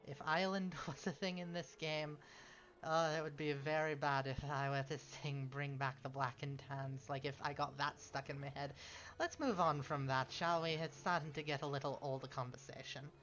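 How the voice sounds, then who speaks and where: A man on the high side, steady in tone, moderately paced and fairly bright, chats casually on a stream while playing a strategy game. He rambles and corrects himself with chuckling asides, and the slightly dull audio carries faint game music.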